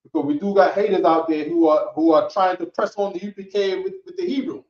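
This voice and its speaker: A man teaching a language class in a relaxed, coaxing way, drilling words out loud and checking in with the students. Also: high voice, fast talker. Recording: echoey room, dull lo-fi sound.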